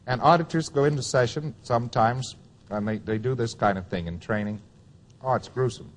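A man's voice: medium pitch, moderate pace, slight background noise. Wry man lecturing in a reverberant hall. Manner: emphatic, wry, repeats key phrases. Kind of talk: taped lecture to students.

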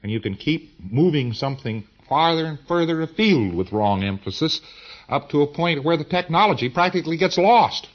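A man's voice: on the high side, big pitch swings, normal speed, lo-fi sound. A man giving an informal lecture in a folksy, emphatic way, with slang and repeated phrases.

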